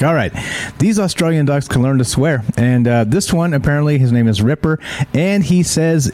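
Guy hosting a stream show, dark mellow voice, reads news out and rambles between bits. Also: fairly high pitch, lively intonation, moderate pace, slight background noise. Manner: rambling, reads articles aloud with asides. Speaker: show host. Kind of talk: casual live-stream news chat.

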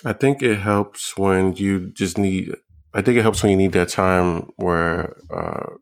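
A young man co-hosting a podcast, talking casually in a halting, stop-start way full of fillers and repeated words, high on weed. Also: very animated, creaky. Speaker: podcast co-host. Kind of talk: casual chat.

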